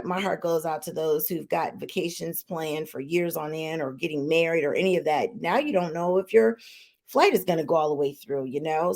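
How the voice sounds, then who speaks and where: With a low, creaky voice and a darkish tone, a woman podcaster addresses her viewers on a live online stream. She shares casual opinions in an outspoken, emphatic manner, hammering her points home through repetition.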